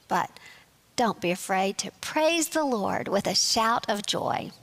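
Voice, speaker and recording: Woman teaching a Bible lesson, measured. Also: fairly high pitch, fairly bright tone. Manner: measured, explanatory, reads scripture aloud.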